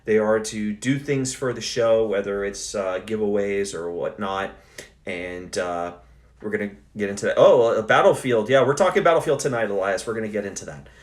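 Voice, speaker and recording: A man's voice: lowish voice, normal speed. Chatty man hosting a live gaming stream. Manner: loose, chatty, many fillers and restarts. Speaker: host. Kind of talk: casual live-stream chat.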